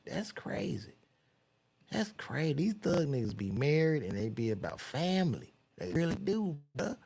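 A man's voice: mid-range voice, gravelly, husky. A man casually reading celebrity news aloud and reacting with loose, profane commentary while he browses.

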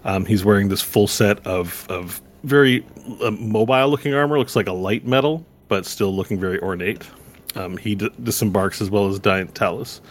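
A man's voice: fairly low pitch, moderate pace. A man running a tabletop game as game master, narrating loosely with fillers. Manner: rambling with fillers and laughs.

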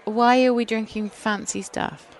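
A woman's voice: on the high side, steady tone, unhurried. A woman co-hosting a casual podcast chat, teasing and giggly. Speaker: podcast co-host.

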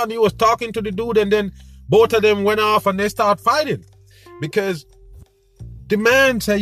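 High-voiced man ranting, faint music behind. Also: normal speed. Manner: animated, preachy storytelling with street slang. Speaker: podcast host. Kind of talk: casual monologue.

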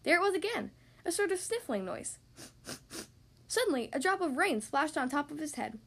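A woman hosting a podcast who reads picture books aloud to young children, with gentle, expressive storytelling. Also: sits high, normal speed. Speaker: podcast host reading to kids.

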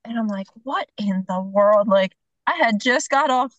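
A middle-aged woman, a horse trainer on a podcast, telling a story in a lively way and acting out what people said. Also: medium pitch, a little slow, no echo, dull audio. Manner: animated storyteller, acts out the other people's lines, laughs between phrases. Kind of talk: casual storytelling chat.

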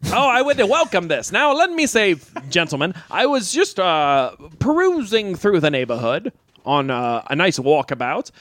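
A man's voice: sits high, big pitch swings, a bit bright, no room sound. A man putting on a pompous coastal aristocrat. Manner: grandiose, slow, mock-formal. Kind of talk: improvised comedy bit.

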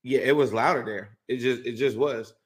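A man casually telling a lively story, full of fillers and restarts, acting out what people said. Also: medium pitch, normal speed. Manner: animated storyteller, acts out quotes, many fillers and restarts. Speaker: guest recounting a game. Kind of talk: casual chat.

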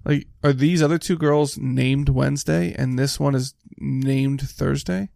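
A man's voice: mid-range voice, fairly even intonation, a little slow, gravelly, dark tone, no echo, studio quality. A man in a casual chat about a movie, wryly questioning small details. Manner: questioning, wry, picks at details. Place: indoor room near a heater.

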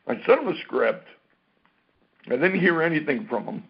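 Husky man, animated storyteller. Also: a little high, normal speed. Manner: animated storyteller who acts out quotes and swears freely. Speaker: actor telling a career story as guest. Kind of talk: casual anecdote-telling. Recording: dull lo-fi recording.

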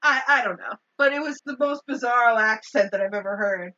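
A woman's voice: fairly high pitch, a little fast, pushed and bright, lo-fi sound. A woman in casual chat, recapping a movie with a co-host, acting out the characters' lines and laughing often. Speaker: podcast co-host.

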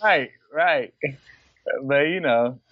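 A man from Oakland, a podcast guest, telling stories in casual chat, animated, laughing often and acting out other people's lines. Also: on the high side, very slow, dry recording. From Oakland, California. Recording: dry, slightly dull lo-fi podcast audio.

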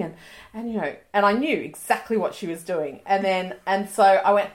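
A woman's voice: mid-range voice, lively intonation, a little fast. A woman, co-hosting a casual chat podcast and telling stories with lots of laughter and acted-out quotes. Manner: chatty storyteller, laughs often, acts out quoted voices. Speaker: podcast co-host.

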